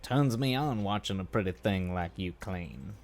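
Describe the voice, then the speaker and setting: A leering, lecherous creep with a thick put-on American Southern drawl, as a man puts him on. The voice sits low and gravelly, oozing sleaze. Each line drags slowly out of him. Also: lively intonation.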